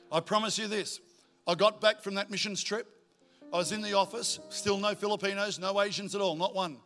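A male pastor, preaching a sermon in a church in a joking, energetic way. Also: high voice, fairly quick, soft background music. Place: church auditorium.

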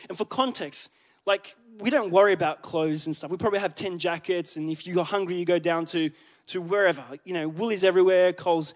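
A man's voice: high-pitched, brisk. A man preaching a sermon to a congregation, chatty and joking, often asking the crowd questions. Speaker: pastor. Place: church in front of a congregation.

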